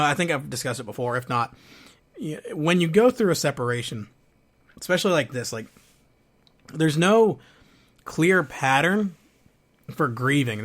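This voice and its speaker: A man hosting a podcast, speaking earnestly and haltingly about his own grief and hurt, with frequent restarts. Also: fairly high pitch, a bit bright. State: going through a divorce, sad. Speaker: podcast host. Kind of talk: personal reflective monologue.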